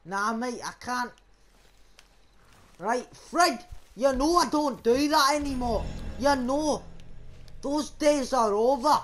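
A young man with a put-on Scottish accent, voicing a brash, foul-mouthed outlaw in a game role-play, rough and swaggering. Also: very high-pitched, animated, slow, pauses often, a bit bright, full character voice. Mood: grumbling. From England. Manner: rough, swaggering, swears a lot.

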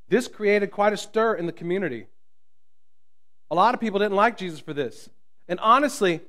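A man preaching a sermon as pastor, swinging from loud, booming lines to quiet hushed ones and joking with the congregation. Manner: jokes with the congregation. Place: church.

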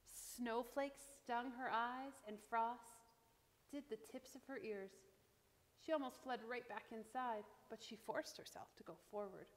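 A woman reading a Christmas picture book aloud to children, with a gentle, expressive delivery. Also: a little high, unhurried, big-room sound. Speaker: children's storyteller.

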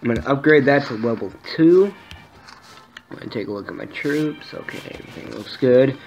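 A man giving casual, excitable commentary while playing a game, swearing often and talking back to the enemies. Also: mid-range voice, brisk. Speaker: gameplay commentator. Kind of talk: casual let's play commentary. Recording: dull lo-fi mic with faint game music.

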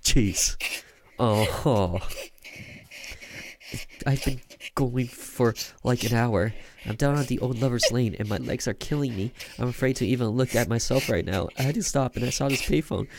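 A man's voice: medium pitch, moderate pace, a little mellow, a little hiss or hum, voice pushed up, close to an everyday voice. A man voicing a panicked teenage girl pleading for help over a payphone, frantic and breathless. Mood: frightened.

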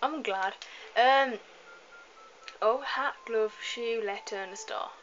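A woman's voice: a little high, slow pace, fairly bright tone. A woman giving casual, rambling commentary over a video game, chatty and often apologizing in asides. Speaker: gameplay commentator. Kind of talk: casual let's-play commentary. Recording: slightly dull lo-fi home mic with faint hiss.

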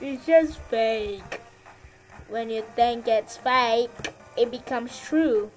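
A woman's voice: fairly high pitch, slow pace, a little mellow, faint music behind. A woman hosting a gaming channel, giving casual gameplay commentary in a rambling, repetitive way as she lectures viewers.

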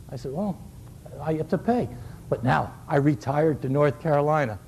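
A man in his sixties gives a shooting clinic, telling folksy stories full of joking asides. His voice sits high yet sounds mellow, with a gravelly edge. He hammers home his key words by saying them again and again to a live group. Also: normal speed, slight background noise. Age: 60s. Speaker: basketball shooting coach. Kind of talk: coaching clinic talk.

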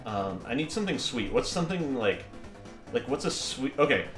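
A man's voice: medium pitch, sing-song, normal speed, a bit bright, echoey room, soft background music. A man chatting casually while playing a video game, rambling and joking and easily sidetracked. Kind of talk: casual let's-play banter.

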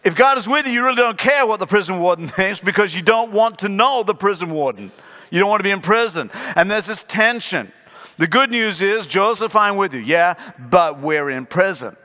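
Lively high-voiced pastor in a large echoing hall. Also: male voice, normal speed. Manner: animated storytelling, acting out biblical characters. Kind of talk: sermon to a live congregation. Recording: long hall reverb.

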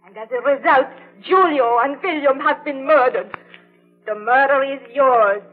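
A high, impassioned voice of a grieving young woman, played by an actress in an old radio drama, heard through a tinny, narrow broadcast sound. She speaks theatrically, accusing and pleading by turns. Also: measured pace, soft background music. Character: young woman Elizabeth, grieving and reproachful fiancée. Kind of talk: 1930s radio drama acting.

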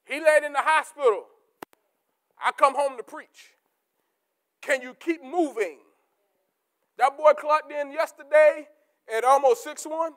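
A man preaching a sermon as pastor, repeating key words for emphasis and swinging between shouted peaks and low, quiet asides. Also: a little slow, pauses often. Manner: rising to shouts, then dropping to low asides.

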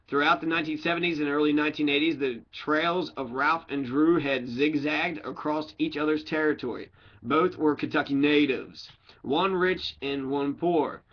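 A fairly high-voiced man reading a true-crime book aloud, stopping now and then for offhand joking asides and fixing his own stumbles. The recording is dull and lo-fi. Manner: breaks off reading for joking tangents and self-corrections. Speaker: audiobook reader. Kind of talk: casual read-aloud with rambling asides.

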